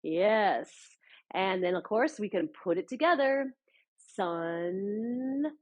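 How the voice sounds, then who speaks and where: A woman leading a guided chair yoga class as an adaptive yoga instructor, giving gentle, encouraging cues with frequent fillers. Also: mid-range voice, animated, unhurried, muffled recording.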